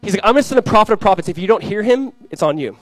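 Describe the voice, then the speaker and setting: Fast, lively young man preaching. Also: sits high, no echo, low-quality recording. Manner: animated storyteller, acting out voices in anecdotes. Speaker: pastor. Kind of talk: sermon.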